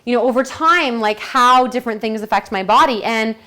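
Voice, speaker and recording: A woman's voice: fairly high pitch, brisk, sharp tone. Chatty, enthusiastic woman presenter. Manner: chatty, enthusiastic, acts out quotes. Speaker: detox program presenter. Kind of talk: casual presentation to a group.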